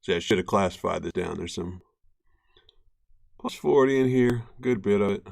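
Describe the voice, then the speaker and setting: A man's voice: fairly low pitch, moderate pace, vocal fry, darkish tone, no room sound, studio quality. Laid-back man chatting while panning gold. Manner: laid-back, chatty, laughs often, talks to viewers and his cat. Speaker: gold prospecting livestream host. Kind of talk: casual live-stream chat while panning.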